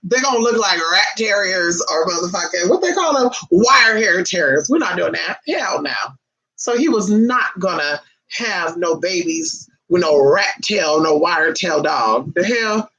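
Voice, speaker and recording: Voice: medium pitch, lively intonation, a little slow, sharp tone, breathy edge. A vlogger ranting to camera in a sassy, profane, emphatic way, calling listeners honey and baby. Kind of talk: casual ranting monologue to camera. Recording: dull lo-fi recording.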